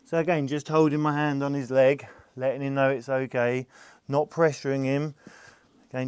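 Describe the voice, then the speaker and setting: Calm, patient man explaining animal care. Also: medium pitch, moderate pace, clear, resonant tone, no room sound. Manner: calm, gentle, patient, soothing the animal softly. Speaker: farm animal carer. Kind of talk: explaining while handling a horse.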